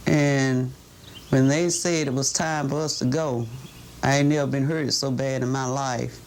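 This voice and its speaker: A woman's voice: rumbling low, fairly even intonation, a little slow, darkish tone. A woman, a mother, recalling a visit to her jailed son. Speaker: mother of a defendant. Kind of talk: interview recollection.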